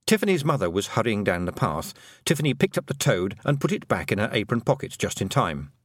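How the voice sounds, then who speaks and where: A man narrating a children's fantasy audiobook, expressive and playful. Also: fairly low pitch, brisk, slightly rough, no echo, studio quality. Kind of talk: scripted narration.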